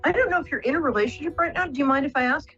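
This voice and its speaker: A woman hosting a live call-in psychic radio show, reassuring the caller gently and rambling with many fillers. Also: sits high, racing, faint music behind. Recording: muffled lo-fi broadcast audio.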